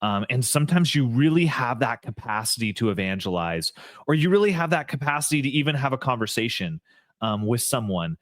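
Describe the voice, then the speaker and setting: A man hosting a faith podcast, speaking in an earnest, measured way with some "um" fillers. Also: medium pitch, very animated, fairly bright tone, no echo, studio quality. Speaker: podcast host. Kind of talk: casual interview chat.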